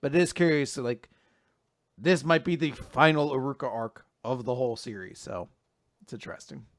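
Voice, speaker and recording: A man co-hosting a casual talk show, excitable, laughing a lot and filling his speech with "like". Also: medium pitch, normal speed, dry recording, studio quality. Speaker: podcast co-host. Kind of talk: casual chat.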